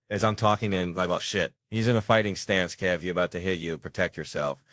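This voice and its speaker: A man working a stand-up stage, voice sitting a little low and recorded dry and close. He tells his stories with lots of animation and often jumps into loud shouted impressions. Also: steady tone, quick pace, no echo. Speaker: comedian. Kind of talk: stand-up storytelling. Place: stage before a live audience.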